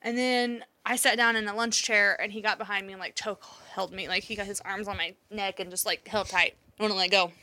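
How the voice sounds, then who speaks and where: A woman's voice: mid-range voice, fairly even intonation, brisk, few pauses, sharp tone. A woman in her thirties, a mother, candidly telling a story in casual chat, swearing now and then and laughing along the way.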